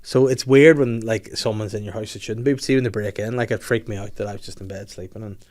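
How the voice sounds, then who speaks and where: A man's voice: fairly low pitch, fairly even intonation, fast talker, darkish tone. Middle-aged man rambling through a story. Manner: rambling storyteller, acts out quoted voices. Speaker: podcast host. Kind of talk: casual comedic chat.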